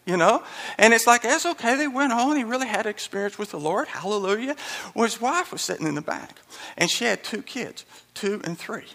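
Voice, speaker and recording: A man preaching a sermon as a pastor in a church sanctuary, animated, repeating key phrases for emphasis and chuckling as he goes. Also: high voice, fairly quick, vocal fry. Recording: long hall reverb.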